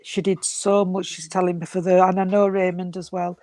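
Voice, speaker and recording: Low, flat-voiced woman. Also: moderate pace, no room sound. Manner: affectionate, calls listeners sweetheart and darling. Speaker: medium. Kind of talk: giving spirit messages in an online healing service.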